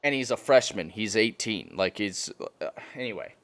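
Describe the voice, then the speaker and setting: A young man telling a story on a stream in a casual, animated, profane way, laughing often. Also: on the low side, normal speed, gravelly.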